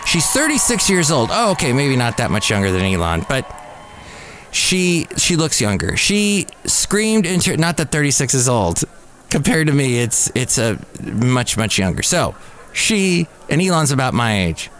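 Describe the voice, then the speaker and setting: A man's voice: mid-range voice, sing-song, normal speed, fairly bright tone, slight background noise. A man in his fifties hosting a casual solo podcast from a café. He rambles through the news with self-deprecating asides. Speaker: podcast host. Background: faint background music.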